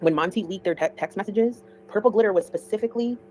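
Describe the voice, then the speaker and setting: Fast-talking opinionated woman streamer. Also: medium pitch, darkish tone, faint music behind, rough recording. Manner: opinionated, chatty. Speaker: livestream commentary host. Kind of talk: casual livestream commentary.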